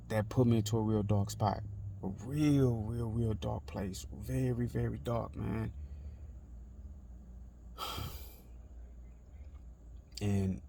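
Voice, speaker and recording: A Texan author tells his life story in casual street talk, repeating himself with lots of fillers and restarts. His voice is fairly low and mellow, with vocal fry.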